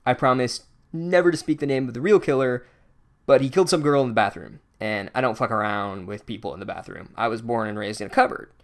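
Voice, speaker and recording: A man's voice: mid-range voice, quick pace, lightly acted. A man voicing a laid-back male spider king who talks in a blunt, rambling, profane way. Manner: casual, profane, mock-serious.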